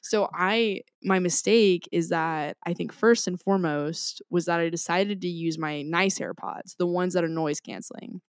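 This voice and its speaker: A woman's voice: on the low side, moderate pace, hardly any pauses, no echo, clean studio sound. Chatty woman telling a story. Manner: animated storytelling, laughs often. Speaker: podcast co-host. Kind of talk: casual chat.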